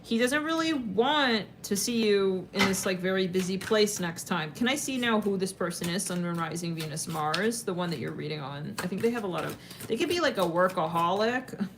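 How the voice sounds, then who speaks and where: A woman's voice: mid-range voice, normal speed, background noise. A woman doing a casual tarot reading for her viewers. She talks in a chatty, rambling way, with lots of fillers and sudden laughs. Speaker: tarot reader.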